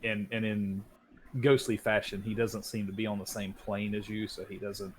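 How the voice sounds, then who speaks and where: Relaxed game master with a lowish voice. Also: male voice, normal speed, a little hiss or hum. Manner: relaxed, hesitant with frequent ums. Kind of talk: narrating a tabletop game.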